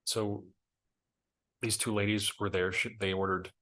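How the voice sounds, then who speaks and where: Hosting a reflective talk, a middle-aged man tells a story a little slowly in a lowish voice. He is candid and pokes fun at himself, becoming animated during reenactments.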